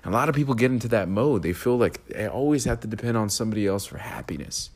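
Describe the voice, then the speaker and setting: A man with a very low, deep voice hosts a solo podcast. He talks through his thoughts in a reflective way, speaking his mind and keeping a steady rhythm to his speech. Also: quick pace. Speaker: podcast host.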